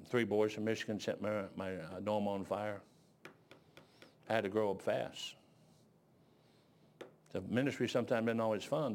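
A pastor preaches a sermon full of folksy stories. He swings between low asides and loud exclamations.

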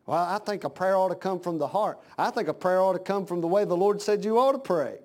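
A male preacher with a high voice delivers a sermon in a fervent, folksy way. His plain talk builds into loud, impassioned cries, then drops back to a conversational tone. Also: a little fast.

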